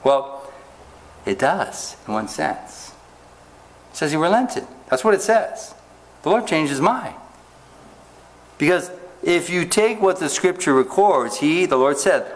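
Man preaching, slow scripture reading. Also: on the high side, very animated. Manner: reads scripture slowly, asks rhetorical questions. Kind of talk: sermon, Bible teaching.

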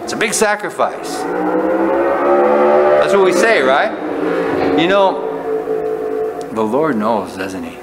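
A man's voice: on the high side, sing-song, takes it slowly, long pauses. A man preaching a sermon as a pastor, teaching in a conversational way and often checking in with "right?". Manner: conversational preaching, frequent "right?" tag questions. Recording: long hall reverb, faint room noise.

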